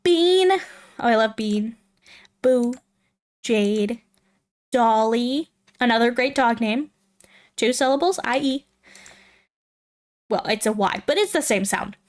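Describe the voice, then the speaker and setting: A young woman streaming a game, talking in a loose, rambling way and thinking aloud. She speaks at an unhurried, drawn-out pace in a fairly high voice. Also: expressive. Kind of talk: casual livestream chat while playing a game.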